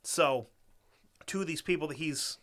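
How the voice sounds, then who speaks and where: Bright-voiced profane ranting man. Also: fairly high pitch. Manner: profane, rants fast and laughs a lot. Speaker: podcast co-host. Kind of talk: casual podcast chat and story reading.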